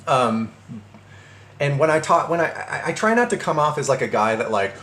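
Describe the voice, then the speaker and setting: A man's voice: a little high, very animated, normal speed, a bit bright. Rambling man in an echoey room. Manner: rambling, many restarts and stammers. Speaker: storyteller. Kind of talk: casual storytelling monologue.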